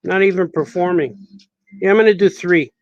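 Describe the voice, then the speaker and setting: A man's voice: high-pitched, moderate pace, no room sound, lo-fi sound. A man, a cartoonist, chatting casually on a live stream while he draws, repeating himself as he works.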